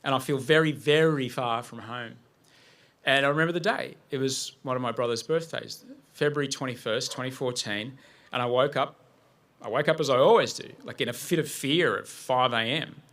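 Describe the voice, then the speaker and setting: A man tells a personal story to a live audience with a bright, forceful voice. His delivery is vivid, and he acts out his own panic as he goes. His pitch sits in an everyday middle range. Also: normal speed. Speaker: guest speaker. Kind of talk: personal story told on stage.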